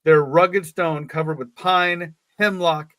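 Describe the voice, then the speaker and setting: A man's voice: a little high, steady tone, slow, bright, forceful tone, no room sound. A man co-hosting a podcast, reading a story aloud and breaking off for jokes and laughs. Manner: joking, laughs between lines. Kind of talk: casual reading with jokey asides.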